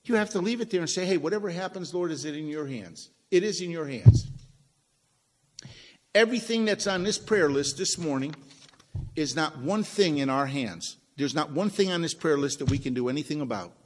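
A man with a high voice delivers a sermon from the pulpit, talking to the congregation and putting questions to them. His voice carries a long reverb from the church hall around him. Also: animated, normal speed. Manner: conversational preaching, asks the congregation questions. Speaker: pastor. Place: church sanctuary, also streamed online.

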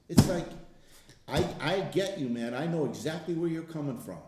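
A man talking casually to a group, telling stories and stressing points with slow, emphatic words. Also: fairly high pitch, lively intonation, very noisy. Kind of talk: casual testimony talk. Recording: echoey room.

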